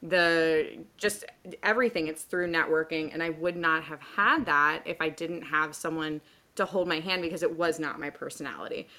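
A woman in her thirties in a casual panel chat, quick to laugh at herself as she tells stories. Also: low voice, bright, forceful tone. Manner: laughs often, quick self-mocking asides. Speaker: guest.

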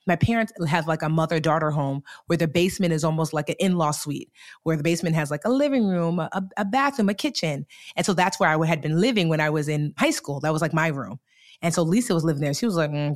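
Chatty woman guest, fairly low voice. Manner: animated, chatty, lots of fillers. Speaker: interview guest. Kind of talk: casual storytelling.

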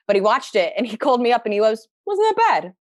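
A woman's voice: fairly high pitch, rapid-fire, dry recording, studio quality. A young woman comedian telling stories about her family in a casual chat, full of fillers and quoted asides. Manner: chatty, lots of fillers, animated quoted asides. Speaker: stand-up comedian, guest. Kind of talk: casual conversational storytelling.

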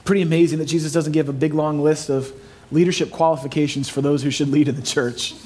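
High-voiced man preaching a lively sermon. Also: quick pace. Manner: animated, emphatic preaching with playful asides. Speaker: pastor.

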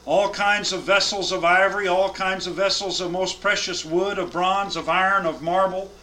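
High-voiced man teaching Bible class. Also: fairly even intonation, normal speed, pushed and bright, low-quality recording. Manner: reads scripture aloud with emphatic cadence, then explains.

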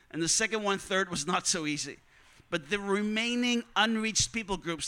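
A male missionary preacher delivering an earnest sermon to young students, telling stories and repeating his key lines for weight. His voice sits high and bright, with a crisp, clear tone.

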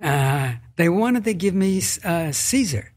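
Halting older man, slightly high and husky. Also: animated, a little mellow. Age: 80s. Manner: halting, with many restarts and fillers. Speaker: guest actor. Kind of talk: casual interview chat.

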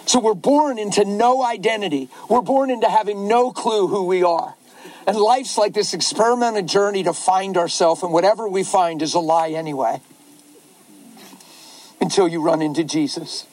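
A middle-aged male pastor preaching a sermon in an animated, folksy way, with asides to the crowd. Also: sits high, normal speed, dry recording, poor audio.

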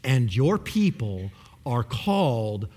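A man preaching a sermon with passion, swinging between loud pleading and hushed, near-whispered lines. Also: medium pitch, sing-song, takes it slowly, breathy edge. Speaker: pastor.

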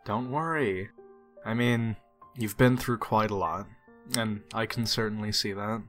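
A calm, self-regarding mage speaks low and gently, bright in tone but hushed, coaxing a frightened child, as a man plays him. Faint music hums beneath. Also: measured pace. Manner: low, soft and soothing. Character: vain, calm adult male mage.

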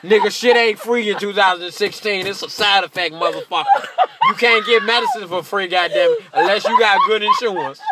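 A man doing a profane stand-up comedy monologue, brash, laughing often and slipping into shrill mocking voices. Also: huge pitch swings, a little fast, heavy background noise.

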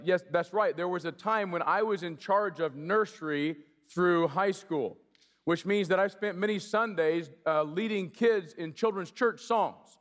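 A male pastor preaching a sermon in a church, lively and joking in a conversational way. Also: sits high. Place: large church hall. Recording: long hall reverb.

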